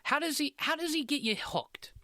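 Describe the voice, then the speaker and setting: A man hosting a comedy podcast, riffing in a casual, animated, mock-indignant way with crude jokes. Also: very high-pitched, normal speed, no echo, studio quality. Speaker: podcast host.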